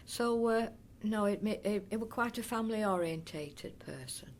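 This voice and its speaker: An older woman from North East Derbyshire, England, reminisces as an oral history interviewee, chatty and rambling with frequent restarts and fond asides. Her voice is medium in pitch, at a moderate pace, with hardly any pauses.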